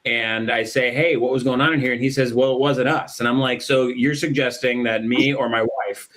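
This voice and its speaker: A man's voice: mid-range voice, fairly even intonation, moderate pace, fairly bright tone, low-quality recording. A man chatting on a podcast, recounting everyday parenting stories in a dry, matter-of-fact way. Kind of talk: casual podcast chat.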